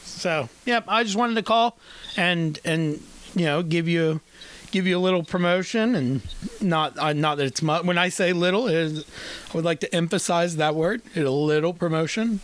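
A podcast host chatting on the phone in a loose, profane way, laughing often and rambling through restarts. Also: male voice, on the high side, moderate pace, a bit bright, smooth. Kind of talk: casual phone chat.

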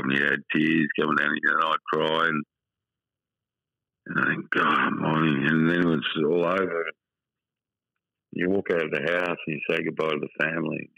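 A man's voice: rumbling low, gravelly, sharp tone, dry recording, highs cut off. A middle-aged Australian man, a football writer guest, chatting bluntly in a casual interview and telling emotional stories with lots of repetition.

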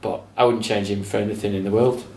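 A man's voice: on the low side, fairly even intonation, fast, a little mellow, echoey room, a little hiss or hum. A man telling funny stories about his dog in casual chat, laughing often and swearing freely.

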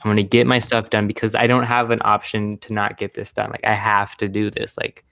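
Gravelly young man chatting casually. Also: fairly low pitch, completely flat delivery, fairly quick, a bit bright, dry recording. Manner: rambling, lots of "like". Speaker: podcast host. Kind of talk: casual chat.

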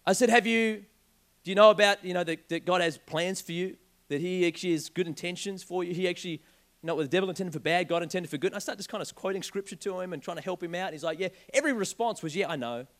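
A young man preaching a sermon, telling a joking personal story in an animated way. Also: high voice, fast talker. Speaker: pastor.

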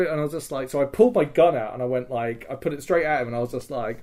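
A man's voice: mid-range voice, quick pace, a little mellow. Rambling man retelling a game weekend. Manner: rambling storyteller, acts out dialogue, lots of fillers. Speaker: podcast host. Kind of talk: casual recap of a role-play weekend.

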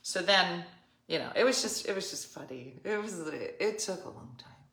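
Middle-aged female host, chatty, lower voice, recorded in an echoey room. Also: moderate pace. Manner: animated, laughs often, acts out quoted people. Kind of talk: casual storytelling chat. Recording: roomy echo.

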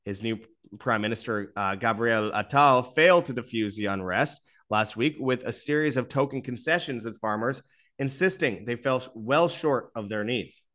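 A man's voice: mid-range voice, normal speed, fairly bright tone. Man commenting over news clips. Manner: reads out posts and articles, comments between with fillers. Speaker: commentary channel host.

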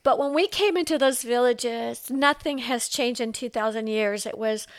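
A woman's voice: on the high side, moderate pace, dry recording, studio quality. A woman guest telling her faith testimony in casual chat, acting out quotes as she goes. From California. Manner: animated storyteller, acts out quotes. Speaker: podcast guest.

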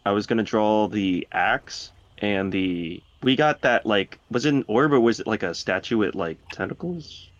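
Man, tabletop player, rambling chat, lower voice, dull lo-fi sound. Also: expressive. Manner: rambling, quick, lots of "like". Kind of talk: casual game chat.

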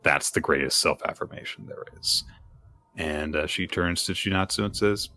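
A man co-hosting a casual podcast, retelling a chapter in a chatty way with lots of fillers and pitch jumps for quoted lines. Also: moderate pace, pushed and bright, a little hiss or hum. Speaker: podcast co-host. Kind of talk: casual chat recapping manga chapters.

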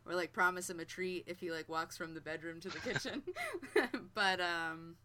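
A woman's voice: on the low side, animated, moderate pace, pushed and bright, slight background noise. A woman chatting casually as a guest, giggling often. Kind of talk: casual chat.

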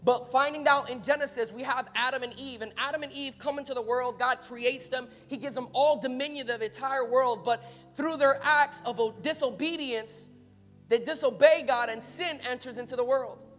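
An energetic male pastor preaches a sermon, swinging from casual asides to loud, emphatic calls to his congregation. His voice carries a long reverb from the church hall, and faint music sits underneath. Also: very high voice, normal speed. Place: church sanctuary.

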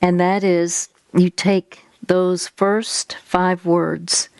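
A woman's voice: lowish voice, flat delivery, extremely slow, darkish tone, clean tone, no room sound. A woman hosting an advice talk, patiently guiding a caller step by step. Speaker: host giving faith-based advice.

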